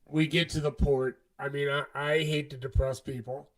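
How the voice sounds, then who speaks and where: A man's voice: on the high side, level tone, normal speed, recorded from a distance, poor audio. A man co-hosting a show, telling a long story in casual chat and acting out what people said. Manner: rambling, retells dialogue. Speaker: co-host.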